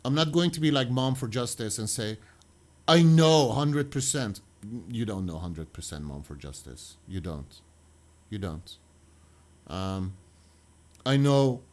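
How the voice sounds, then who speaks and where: A man commenting on a video in an animated, argumentative way, often acting out quotes. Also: medium pitch, a little slow, pauses often. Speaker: true crime reaction commentator. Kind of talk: reaction commentary.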